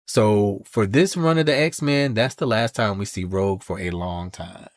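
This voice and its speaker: A man's voice: fairly low pitch, unhurried, no echo, clean studio sound. A man hosting a podcast, telling a comic book story in a casual way and briefly voicing the characters' lines. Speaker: podcast host.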